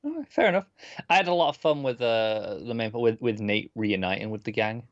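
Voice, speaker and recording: Relaxed male co-host, casual TV chat, dry quips, mid pitch, dry close sound. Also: brisk, dry recording, lo-fi sound. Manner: laid-back, short interjections, dry quips. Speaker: podcast co-host. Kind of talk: casual chat about TV episodes.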